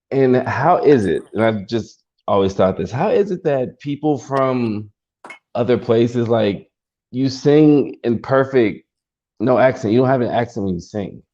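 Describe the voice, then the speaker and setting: A man hosting a casual video chat from a garage, asking curious, halting questions. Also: medium pitch, dark tone. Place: cold garage. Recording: dull lo-fi sound.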